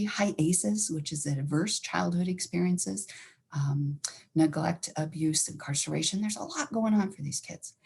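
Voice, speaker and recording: A woman counselor gives an educational talk at a quick clip, often acting out the thoughts running through her head. Her voice is very husky and breathy with a gravelly edge. Her pitch swings widely from line to line. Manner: fast-talking, animated, acts out inner thoughts.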